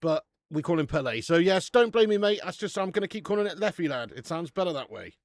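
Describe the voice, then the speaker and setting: A man's voice: sits high, animated, fast talker, dry recording. A man hosting a casual football watch-along stream, chatting with the live chat and swearing casually.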